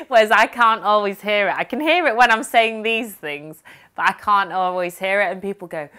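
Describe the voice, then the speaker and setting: A woman's voice: mid-range voice, normal speed, bright, forceful tone, clean tone. A woman from Sheffield with a Yorkshire accent, chatting enthusiastically to camera as a lifestyle blogger while a friend films her. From Sheffield, England. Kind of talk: casual chat to camera. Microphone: camera held by a friend.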